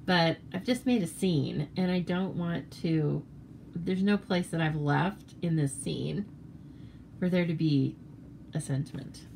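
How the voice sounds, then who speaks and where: A woman's voice: on the low side, measured pace, gravelly, darkish tone, slight background noise. An American woman demonstrating papercraft cards in a casual, chatty tutorial, rambling with fillers and self-corrections.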